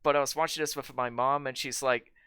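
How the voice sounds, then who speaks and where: A man's voice: mid-range voice, fairly even intonation, fast talker, bright, forceful tone, smooth, no room sound. A man co-hosting a film podcast, giving emphatic, opinionated takes and swearing freely in casual chat. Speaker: podcast co-host. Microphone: remote call mic.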